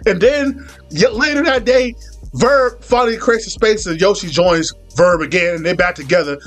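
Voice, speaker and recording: A man's voice: sits high, normal speed, fairly bright tone, soft background music. A man telling a comedic story in a profane, rambling way, full of restarts and quoted dialogue.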